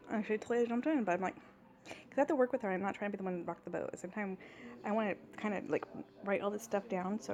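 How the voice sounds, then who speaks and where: A woman's voice: medium pitch, darkish tone. A woman in her thirties telling a workplace story in a casual vlog, exasperated and ranting, acting out what others said. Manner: exasperated, ranting, acts out quoted dialogue. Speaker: vlogger.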